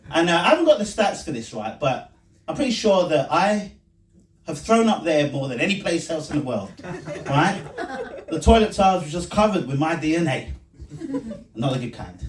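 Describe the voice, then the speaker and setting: Rambling self-mocking man on stage. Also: a little high. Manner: rambling, self-mocking, frequent laughing asides. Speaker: stand-up comedian. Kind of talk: stand-up set and vlog commentary. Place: small pub comedy room. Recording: echoey room recorded from a distance.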